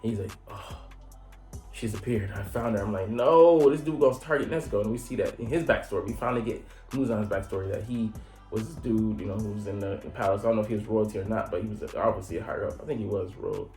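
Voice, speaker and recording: Low-voiced guy rambling thru an anime recap, lots of cussing and um you know, roomy echo. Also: steady tone, fast, darkish tone. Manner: rambling, profane, full of fillers. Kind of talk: casual episode recap. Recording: echoey room with faint music.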